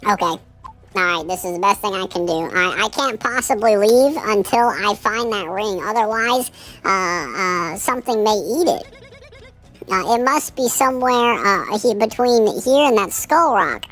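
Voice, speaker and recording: A man's voice: sits high, expressive, unhurried, sharp tone, faint music behind, pitched above the performer's own voice, full character voice. A man voicing a fretful young Pianta woman who has lost a ring, reading her game lines in a pleading, dramatic way. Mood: worried.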